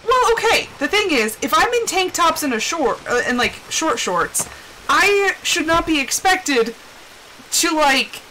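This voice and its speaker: A young woman chatting casually while playing a game on a live stream, telling animated stories and putting on quick quoted voices. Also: very high voice, slight background noise, low-quality recording.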